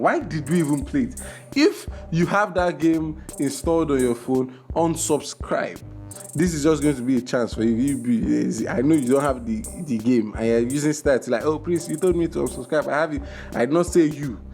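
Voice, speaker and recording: A young man doing a casual, joking review, animated, with bursts of loud exclamations. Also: medium pitch. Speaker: video reviewer.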